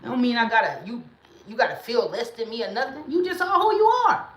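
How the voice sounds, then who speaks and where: A woman hosting a livestream in casual talk, blunt and emphatic, sometimes rising into loud preaching bursts, speaking into a phone or webcam. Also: on the high side, big pitch swings, fast, reverberant. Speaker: livestream host.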